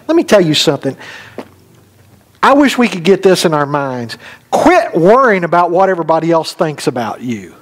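A male pastor preaching a sermon in a church, talking conversationally with rhetorical questions and shifting between emphatic points and quiet storytelling. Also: sits high, lively intonation, normal speed. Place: church sanctuary.

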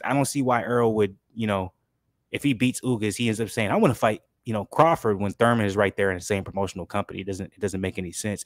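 A man hosting a casual boxing commentary vlog, animated and opinionated, swearing freely. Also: on the low side, dry recording, studio quality. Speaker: boxing channel host.

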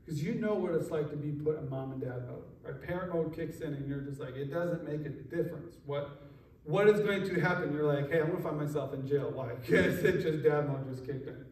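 Animated pastor preaching in an echoey hall. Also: male voice, on the high side, normal speed. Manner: storytelling, animated, laughs often. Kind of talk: sermon. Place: church sanctuary. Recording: echoey hall, mic from far off.

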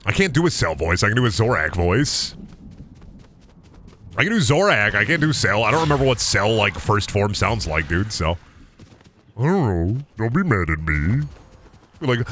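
A man's voice: fairly low pitch, sing-song, normal speed, fairly bright tone, slight background noise. A young man streaming a video game, chatting casually and profanely, breaking into yelps and cheers.

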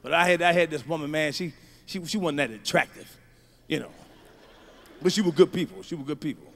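A middle-aged man doing a stand-up comedy routine, telling profane stories that swing from low mutters to loud shouts. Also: brisk, creaky, slight background noise. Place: large comedy venue stage. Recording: live show, faint crowd ambience.

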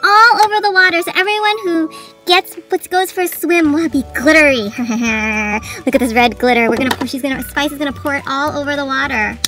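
Brief: chirpy young woman, toy channel host, very high voice, music under. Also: steady tone, a little fast, sharp tone. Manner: chirpy, sing-song, exclaiming. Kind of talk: toy play narration.

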